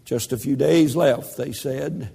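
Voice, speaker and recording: An older man preaching a sermon, telling a story in a slow, dramatic delivery that drops to a hush. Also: medium pitch, gravelly, slightly rough, big-room sound.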